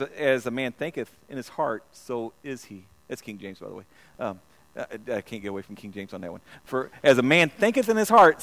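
A man's voice: medium pitch, creaky. A man preaching a sermon in a church, earnest and repeating himself, often stumbling and restarting his words. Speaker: pastor.

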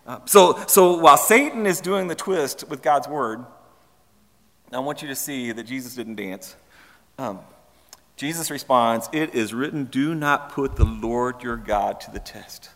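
In a large hall, a pastor with a fairly high voice preaches a sermon to his congregation in the church sanctuary. He repeats words and fires questions at them.

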